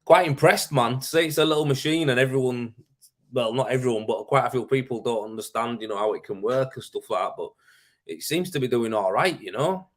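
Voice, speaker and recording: A man's voice: mid-range voice, a little fast. Male host, easygoing live-stream chatter, rambling, peppered with mate and man. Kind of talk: casual live-stream chat answering viewer comments.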